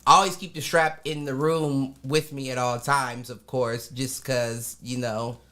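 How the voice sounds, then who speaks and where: A man's voice: medium pitch, flat delivery, measured pace, pushed and bright. A man in his thirties co-hosting a casual podcast, telling a story in loose, profane talk. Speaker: podcast co-host.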